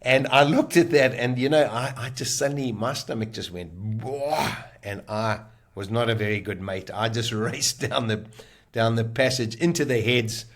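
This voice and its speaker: A man, a guest on a podcast, telling a personal story in a vivid, animated way and acting out the lines people said. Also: mid-range voice, normal speed.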